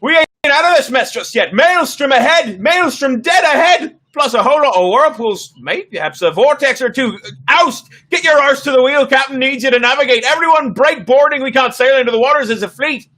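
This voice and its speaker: A woman's voice: sits high, animated, a little fast, few pauses, a bit bright, voice pushed up. A man voicing a brash woman pirate first mate, bellowing orders from the crow's nest. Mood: urgent shouting. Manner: bellowing, gruff, bossy.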